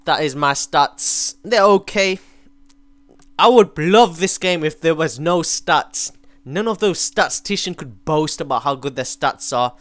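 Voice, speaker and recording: A high, lively young man rants through live gameplay commentary, breaking into sudden outbursts. His voice is bright and sharp, but he is losing it and it rasps a little. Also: measured pace, no room sound. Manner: excitable, ranting, sudden outbursts. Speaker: gaming commentator.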